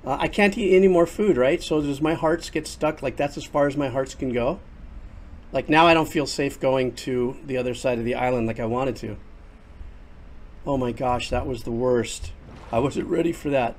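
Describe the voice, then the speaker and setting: Older guy on a headset streaming a game, chatty and excitable, lots of exclaiming, normal pitch. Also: normal speed. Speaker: streamer and composer. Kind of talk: casual livestream commentary.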